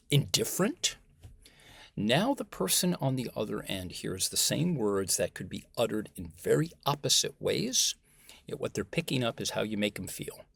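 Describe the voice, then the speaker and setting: An American man, a communication professor, talking as a guest in a conversational interview, animated and emphatic. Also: mid-range voice, creaky, husky, dry recording. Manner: animated and emphatic, acts out example voices.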